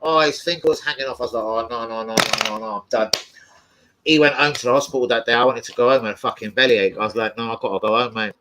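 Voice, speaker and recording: Heavy background noise surrounds a fast-talking young man with a mid-range voice. He hosts a football fan channel, swearing often as he tells loud, animated, rowdy stories laced with yelps and laughter in casual chat.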